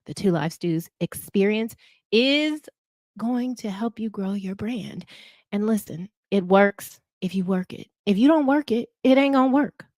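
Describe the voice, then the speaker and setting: Woman talk host, playful and chatty, mid-pitched, recorded dry and close. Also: no room sound. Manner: chatty, playful, talks straight to viewers. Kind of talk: casual hosting and ad read.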